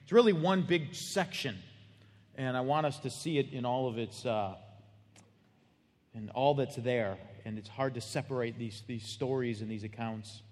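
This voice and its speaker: A man's voice: mid-range voice, moderate pace, big-room sound. A man preaching a sermon as pastor, telling stories in a plain, earnest, conversational way.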